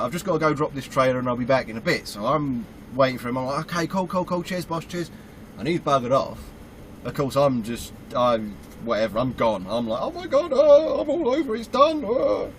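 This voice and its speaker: A British man, a truck driver, telling a story about his work in a casual, animated way and acting out his own reactions. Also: mid-range voice, slight background noise, poor audio. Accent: British English. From United Kingdom.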